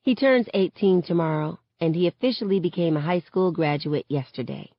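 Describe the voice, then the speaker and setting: A woman's voice: fairly low pitch, normal speed, dry recording. A woman reading a first-person novel aloud, changing her voice for each character's lines. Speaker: audiobook reader. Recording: dull, dry, lo-fi home recording.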